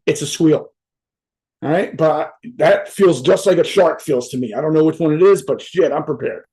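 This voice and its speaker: A man's voice: fairly high pitch, dark tone. A man giving a casual, profane motivational talk to a virtual summit over a video call. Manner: blunt, profane, conversational. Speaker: motivational speaker.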